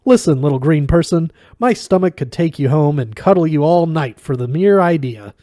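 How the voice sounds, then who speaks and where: A man voicing a brash, excitable male alien adventurer who talks loudly in slang. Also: on the high side, moderate pace, no room sound, clean studio sound, pitched above the performer's own voice, close to an everyday voice. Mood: excited.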